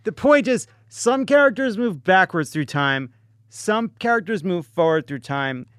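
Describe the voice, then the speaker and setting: A man hosting a comedy podcast, telling jokes and animated stories with punchlines. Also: high voice, unhurried, no room sound, studio quality. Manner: joking, animated storytelling with punchlines. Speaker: podcast host.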